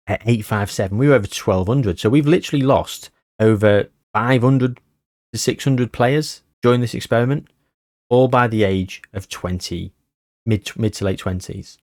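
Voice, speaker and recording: A man's voice: lowish voice, darkish tone, no room sound, clean studio sound. Joking man narrating a game. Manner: jokey, self-deprecating, rambling with puns. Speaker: gaming YouTuber. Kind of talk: casual game commentary.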